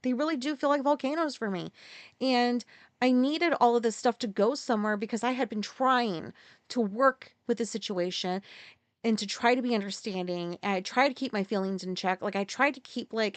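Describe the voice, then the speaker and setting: Candid, profane woman telling a story. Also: no room sound. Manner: halting, profane, with restarts and sudden pitch jumps. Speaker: podcast host.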